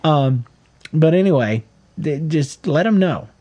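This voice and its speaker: A man's voice: a little high, unhurried, highs cut off. A middle-aged man co-hosting a podcast, giving earnest, folksy parenting advice in casual chat. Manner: earnest, folksy, animated when acting out quotes. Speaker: podcast co-host.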